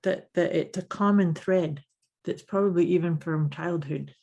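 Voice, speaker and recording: A woman co-host talks things through on a podcast, reflective and encouraging. Her voice runs somewhat low for a woman and has a husky, breathy edge. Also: measured pace, darkish tone. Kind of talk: casual chat.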